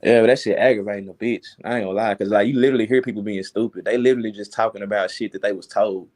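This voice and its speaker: A man's voice: lowish voice, steady tone, rapid-fire, a little mellow. A man from Texas, a guest on a casual panel, telling stories in a laid-back way.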